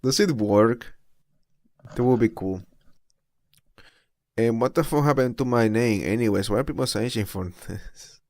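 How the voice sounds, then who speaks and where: A man's voice: mid-range voice, normal speed, pauses often, darkish tone, no echo, clean studio sound. A young man streaming, chatting casually and with disbelief while reading posts aloud, laughing often.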